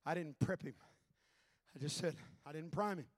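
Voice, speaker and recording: A man preaching a Pentecostal sermon, shouting his points with rising fervor and then dropping low to tell a story. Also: normal speed, no echo. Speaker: pastor.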